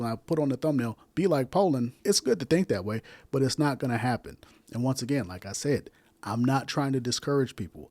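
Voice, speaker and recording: A man's voice: mid-range voice, a little mellow, no room sound. A man hosting a reaction commentary, speaking emphatically and repeating phrases for stress. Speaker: commentary host. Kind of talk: reaction commentary to video clips.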